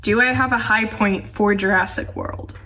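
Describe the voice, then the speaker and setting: A woman's voice: mid-range voice, steady tone, moderate pace, pushed and bright, far from the mic. A young woman rambling through a casual film review, full of "like" and sarcastic asides. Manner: chatty, rambling, heavy use of "like", sarcastic asides. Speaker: film commentary YouTuber.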